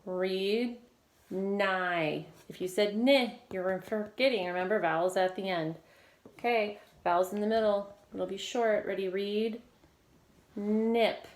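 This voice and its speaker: A woman teacher leading a recorded phonics lesson, giving steady step-by-step prompts and quick praise. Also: mid-range voice. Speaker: reading teacher.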